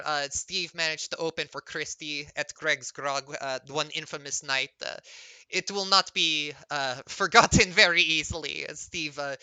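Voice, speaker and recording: A man's voice: fairly high pitch, bright, forceful tone, smooth, no echo. A man narrating as game master in a loose, filler-heavy way.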